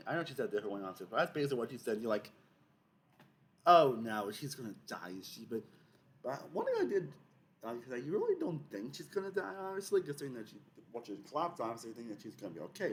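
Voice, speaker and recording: A man's voice: medium pitch, sing-song, very fast, slight background noise. A young man hosting a casual video essay, rambling with many fillers and restarts.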